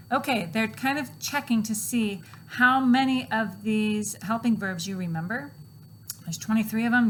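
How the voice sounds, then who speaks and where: A woman teacher walking students through a grammar worksheet, patiently explaining and reading examples aloud slowly. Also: mid-range voice, a bit bright, slight background noise, poor audio.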